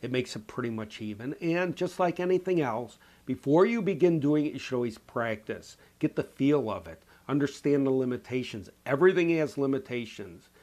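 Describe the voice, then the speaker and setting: With lively intonation and few pauses, a painting instructor from the Chicago area, USA, chats casually while answering viewer comments. His mid-range, slightly mellow voice moves at normal speed, and he rambles folksily, saying "you know" a lot in his Chicago accent while nursing a cold.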